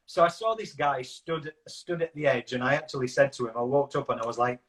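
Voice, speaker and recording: A man's voice: medium pitch, moderate pace, a bit bright, a little hiss or hum. A man with a Yorkshire accent, a guest in an interview, telling rambling anecdotes in a casual way and acting out what others said. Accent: Yorkshire English. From Yorkshire, England.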